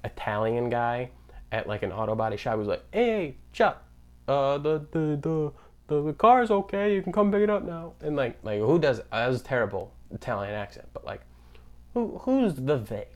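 Sarcastic young man ranting. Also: lowish voice. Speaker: podcast host. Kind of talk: solo comedic podcast monologue.

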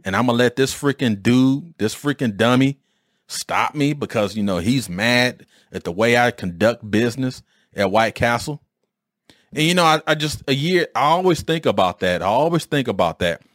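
Animated storytelling man, dry sound. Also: mid-range voice, moderate pace, dry recording. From Detroit, USA. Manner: animated, streetwise, swears mildly. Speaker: podcast host. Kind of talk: casual storytelling.

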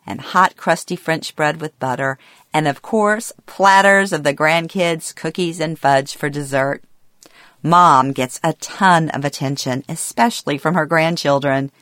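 A middle-aged woman reading a personal memoir aloud, quiet, reflective and somber. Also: sits low, a little slow, no room sound, studio quality. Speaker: memoir narrator.

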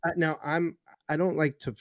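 Casual guy from new york venting and swearing, kinda high voice, dry sound. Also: steady tone, moderate pace, fairly bright tone, no echo. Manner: heated, ranting, swearing. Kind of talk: casual chat.

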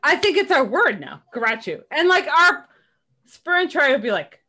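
A woman in her forties co-hosts a podcast in a high-pitched voice at normal speed. She chats casually and animatedly, laughing as she talks.

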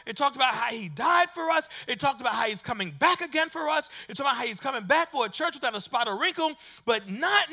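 A man preaching a sermon to viewers, in a preaching cadence that rises and swells into shouts. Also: very high-pitched. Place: addressing online viewers.

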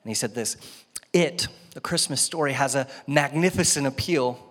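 A man's voice: mid-range voice, normal speed. Man preaching in a reverberant church. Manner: dramatic swings from loud emphasis to hushed tones. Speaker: pastor. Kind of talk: sermon. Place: church sanctuary. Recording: church hall with long reverb.

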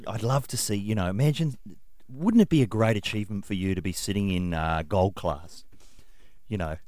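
A man hosting a radio show, animated and jokey, in a studio. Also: on the low side, moderate pace, no room sound. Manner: animated, jokey, talks over others. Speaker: radio host. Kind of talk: casual radio chat. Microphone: studio microphone.

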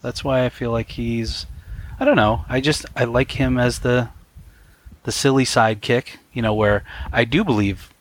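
A man's voice: medium pitch, fairly even intonation, moderate pace. A man co-hosting a podcast, chatting casually and laughing often. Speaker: podcast co-host. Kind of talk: casual chat.

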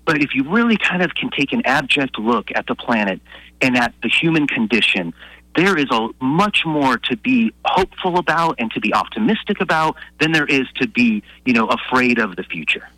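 A man's voice: medium pitch, expressive, normal speed, bright, forceful tone, no echo, rough recording. A man being interviewed on the radio as a guest scientist, explaining his views earnestly and often restarting his sentences.

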